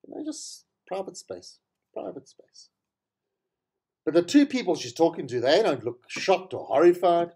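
A man's voice: a little high, warm tone, husky. A middle-aged man hosting his own show, talking in a casual, rambling solo monologue with frequent self-corrections. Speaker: show host.

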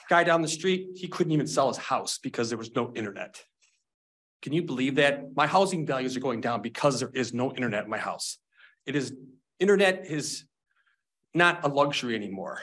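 A man's voice: mid-range voice, a bit bright. Emotional man pleading at a public meeting. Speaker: member of the public.

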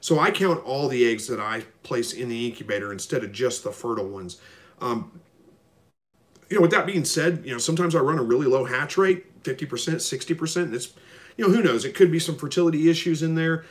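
A man hosting a live stream, reading viewer comments and answering them in a relaxed, rambling way with lots of ums. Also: mid-range voice, a little fast. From Missouri. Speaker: livestream host answering viewer questions. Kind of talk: casual live chat, reading comments aloud.

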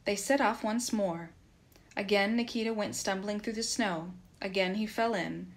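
A woman reading a translated classic story aloud in steady, measured audiobook narration. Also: medium pitch. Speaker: reader.

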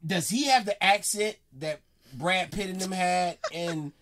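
A man's voice: high-pitched, a little slow, a bit bright, slight background noise. A man casually hosting a comedy reaction video, loose and slangy.

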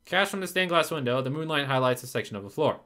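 A man's voice: on the high side, lively intonation, fast talker, pushed and bright. Frustrated, swearing man gaming. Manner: frustrated, swearing, talking to himself. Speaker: gaming video creator. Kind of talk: gameplay commentary.

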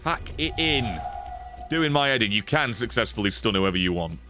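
A man's voice: medium pitch, moderate pace. A man gives sweary, casual commentary while streaming a card game and chatting to viewers. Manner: sweary, animated, talks to chat. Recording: faint music behind.

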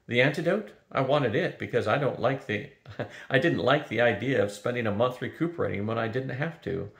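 An older man voicing a calm, wise female dragon who is unwell, speaking in a steady, matter-of-fact way in a roomy-sounding recording. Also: medium pitch, fairly quick, vocal fry, natural voice. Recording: roomy echo.

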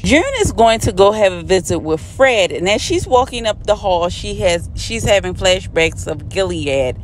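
A woman's voice: medium pitch, animated, moderate pace, hardly any pauses. Brief: woman vlogger, blunt and slangy, casual recap, faint background noise.

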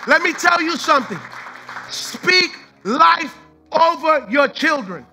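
A man's voice: extremely high pitch, animated, slow pace, creaky, sharp tone, soft background music, a faint crowd. A man preaching a sermon as pastor, fervent and repetitive, mixing in street slang and the odd line of Spanish.

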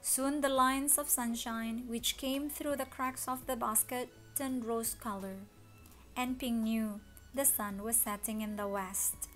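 A woman reading a children's story aloud, expressive with dramatic gasps. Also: a little high, measured pace, soft background music. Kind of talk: children's read-along story.

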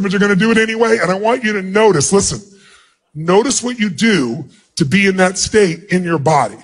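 A man's voice: sits high, lively intonation. A man giving a live motivational seminar to a large crowd, commanding the audience and calling for their responses. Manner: acts out quick mock greetings. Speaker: motivational speaker. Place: large auditorium.

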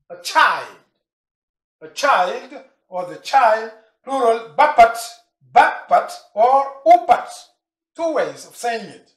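Spelling out words in a vocabulary lesson, this language teacher speaks slowly and patiently in a mid-range, slightly bright voice. He repeats every word and adds asides on dialects, and the recording has a roomy echo.

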